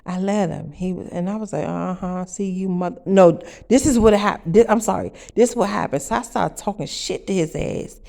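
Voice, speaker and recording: A woman telling a wild first-person story for a vlog, brash and profane, with loud bursts and asides to her viewers. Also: medium pitch, brisk, creaky, hardly any pauses.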